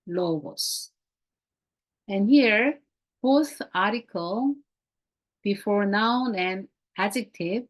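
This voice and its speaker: A woman teaching a Greek grammar class in a slow, repetitive way, speaking English as a non-native speaker whose first language is Korean. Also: medium pitch. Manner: slow, repeats key words, non-native phrasing.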